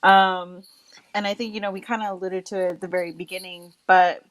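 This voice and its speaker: Chatty giggly woman cohost on a video call, middle pitch. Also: flat delivery, a little fast, low-quality recording. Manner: chatty, giggly, asks long wandering questions. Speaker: co-host. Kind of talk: casual live-stream interview.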